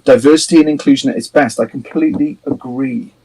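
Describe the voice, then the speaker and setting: A man's voice: mid-range voice, fast, mellow, slightly rough, poor audio. A man from a band, chatting casually on a livestream, rambling, laughing often and swearing a little. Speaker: band member hosting a livestream. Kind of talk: casual chat.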